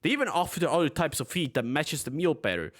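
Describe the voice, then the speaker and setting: A man's voice: fairly high pitch, animated, fast. A young man streaming from his room at home, reading forum posts aloud and breaking into heated, profane rants.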